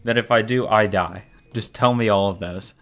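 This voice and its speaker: A man's voice: on the low side, normal speed, fairly bright tone. A man casually commenting while reading a visual novel aloud, offhand and sarcastic, swearing now and then. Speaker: let's play reader.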